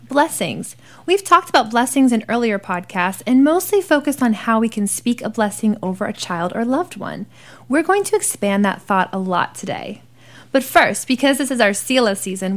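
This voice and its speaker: Woman co-host, higher voice, friendly listener who affirms and laughs along. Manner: responsive, frequent laughs and affirmations. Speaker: podcast co-host. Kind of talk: podcast intro and casual chat.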